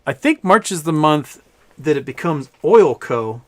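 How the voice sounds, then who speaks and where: A man's voice: a little high, sing-song, a little slow. Man, middle-aged, live-stream host at a home desk mic, loose rambling chat, laughs a lot. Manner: rambling, reading chat aloud, laughs often. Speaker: livestream host.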